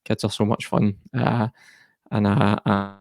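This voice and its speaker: A man's voice: on the low side, little pitch movement, measured pace, gravelly, darkish tone, no room sound. A Scottish man speaking as an interview guest, earnest and reflective. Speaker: guest, mental health charity co-founder. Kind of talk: personal interview talk.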